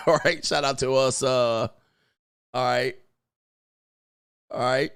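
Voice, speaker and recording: A man's voice: medium pitch, moderate pace, creaky, pauses often, fairly bright tone. A man hosting crude casual commentary, laughing and swearing as he tells stories. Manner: profane, laughing, storytelling. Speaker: livestream commentary host.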